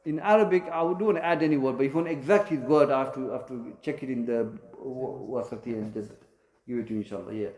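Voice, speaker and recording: A man's voice: mid-range voice, quick pace, darkish tone, a little hiss or hum. Man teaching in an echoey mosque. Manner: explains in short repeated phrases, frequent fillers. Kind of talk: lesson Q&A with students. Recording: echoey room.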